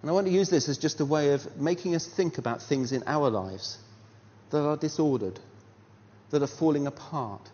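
A man preaching a sermon, telling a story and asking animated rhetorical questions with a touch of self-deprecating humour. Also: on the high side, normal speed. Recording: dull sound with long hall reverb.

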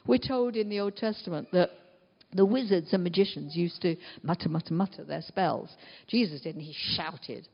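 A woman's voice: lowish voice, normal speed. A woman preaching a sermon in an earnest way, often asking her listeners rhetorical questions. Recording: dull long reverb of a large hall.

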